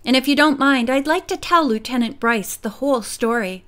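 A woman reading the part of a determined young female detective in an audiobook, firm and calm. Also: high voice, normal speed.

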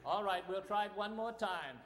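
A man preaching an Easter sermon as pastor, slow and deliberate, rising to loud call-and-response shouts. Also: high-pitched, a crowd in the background. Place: church sanctuary. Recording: long reverb of a church sanctuary.

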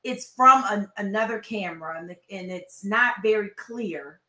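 A woman reacting to videos in a casual chat, thinking out loud and standing firm. Her voice bounces around an echoey room, and her pitch sits in the middle. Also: moderate pace. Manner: skeptical, firm, reasoning aloud.

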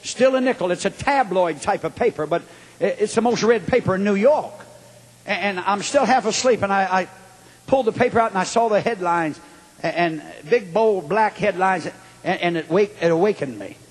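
A man preaching a fiery revival sermon with a husky voice, dropping low to tell a story and rising to shouts. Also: normal speed. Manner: swings from low storytelling to shouted high exclamations. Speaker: evangelist preacher. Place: large hall at a revival meeting. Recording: long hall reverb.

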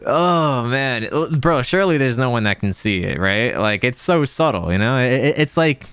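A man chatting casually on a live stream as he reacts to a video. He rambles, swears and laughs easily, and his pitch swings widely. The sound is dry and close. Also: lively intonation, normal speed, a bit bright, clean tone, dry recording.

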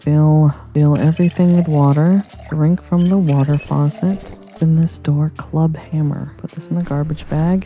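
A man's voice: a little high, fairly even intonation, normal speed, few pauses, mellow, faint music behind. A man commenting on his own gameplay with frequent swearing, talking back at the enemies on screen. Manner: profane, talks to the zombies on screen. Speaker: gaming video creator. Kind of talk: let's play commentary.

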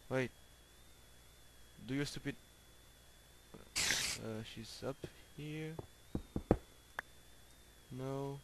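A man's voice: mid-range voice, drawn-out words, pauses often. A man casually commenting on his own gameplay, chatty and easily exasperated, coaxing the animals he meets. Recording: home recording with clear background noise and clicks.

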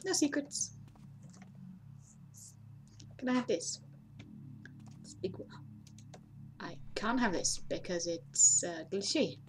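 A woman hosting a let's play, talking casually and mocking herself, with sudden high exclamations. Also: a little slow, pauses often, a little hiss or hum. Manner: chatty, self-mocking, bursts into high exclamations. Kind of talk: casual gameplay commentary.

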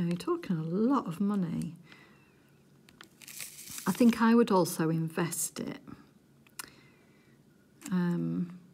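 A middle-aged woman from England chatting casually to viewers while she crafts, giggly and easily excited. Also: on the low side. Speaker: crafting vlogger.

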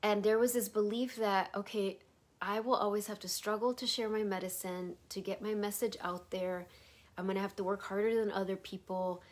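Middle-aged woman, spiritual teacher, soft meandering delivery with whispered asides. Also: mid-range voice, steady tone, normal speed. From Chicago area. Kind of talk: guided spiritual talk.

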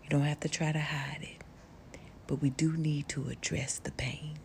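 A middle-aged woman giving a gentle, affectionate motivational talk to the camera, soft-spoken and often dropping to a whisper, with folksy phrasing and endearments like honey and baby. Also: deep voice, flat delivery, moderate pace, slight background noise. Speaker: social media personality.

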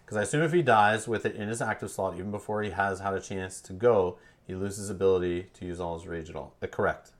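A man's voice: low voice, fast. A man hosting a live board game playthrough, chatting casually, joking with the players and explaining the rules as he goes.

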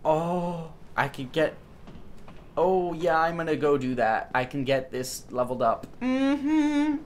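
A young man giving blind let's play commentary as a gaming YouTuber, swearing and swinging from low grumbling to loud outbursts. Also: steady tone, takes it slowly, long pauses, a little hiss or hum.

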